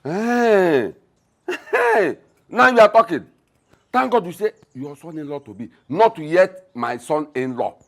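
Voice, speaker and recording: An actor with a Nigerian accent playing a blunt, mocking middle-aged father who talks loudly and repeats himself. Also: a little high, big pitch swings, slow, creaky, full character voice. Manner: mocking, loud, repetitive.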